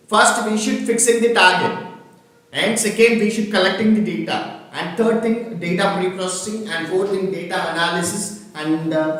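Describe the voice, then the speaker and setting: A man leads an online training session, his slightly high voice halting and full of fillers. He keeps checking that everyone can hear him. The sound is very roomy and distant, as if he sits well away from the mic. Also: a bit bright. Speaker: workshop trainer. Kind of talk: online lecture with screen demonstration. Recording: very echoey room, from far off the mic.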